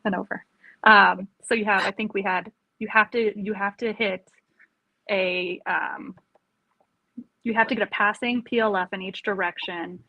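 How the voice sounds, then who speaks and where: A woman, an army career counselor, chatting casually and telling animated stories with frequent laughs. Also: medium pitch, measured pace, dry recording, dull audio. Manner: animated storyteller, laughs often. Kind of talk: casual podcast chat.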